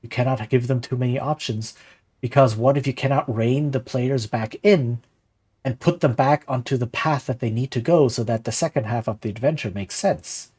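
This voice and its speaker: Animated man chatting on a livestream. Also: mid-range voice, normal speed, slightly rough. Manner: animated, rhetorical, frequent "right?"; reads chat aloud and replies. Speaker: streamer. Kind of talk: casual livestream talk on game design.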